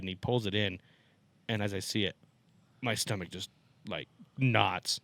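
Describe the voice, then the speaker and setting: A man's voice: on the low side, steady tone, normal speed, bright, forceful tone, no room sound. A man on a podcast, chatting casually and telling a rambling, profane work story that he keeps laughing at. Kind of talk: casual chat.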